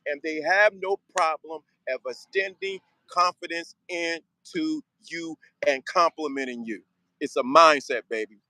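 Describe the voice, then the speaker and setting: Male host, motivational rant, repeats himself for emphasis, higher voice, dead-dry sound. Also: sharp tone, no echo, rough recording. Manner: preachy, emphatic, street slang, repeats phrases. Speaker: show host. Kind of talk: motivational monologue.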